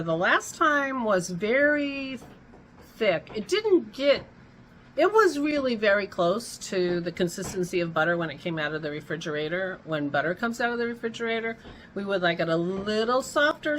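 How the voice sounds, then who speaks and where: A woman's voice: lowish voice, fairly bright tone, a little hiss or hum, rough recording. A woman hosting a casual home vlog, chatting in a rambling way and breaking off mid-thought, with hiccups. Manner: rambling, chatty, self-interrupting. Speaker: vlog host.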